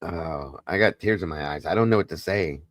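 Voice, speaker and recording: A man hosting a live stream, talking softly and consolingly to viewers in the chat. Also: rumbling low, moderate pace, dry recording. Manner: soft, consoling, emotional. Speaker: livestream host.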